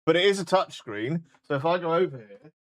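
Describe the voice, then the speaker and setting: Streamer, male, casual and swears freely, very animated pitch, dead-dry sound. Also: brisk, dry recording. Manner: joking, self-mocking, swears casually. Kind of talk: casual live-stream chat.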